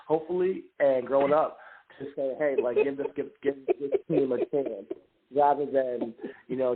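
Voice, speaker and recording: A male caller talks casually on a sports show and keeps restarting his sentences. His voice is husky at a middle pitch. The line sounds thin and phone-like. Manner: halting, many restarts. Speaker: caller, fan club guest.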